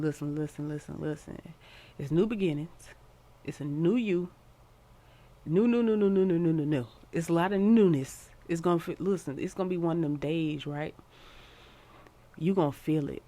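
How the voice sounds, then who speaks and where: A woman casually giving a tarot reading to her viewers, encouraging and repeating herself, with sudden excited jumps in pitch. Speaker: tarot card reader.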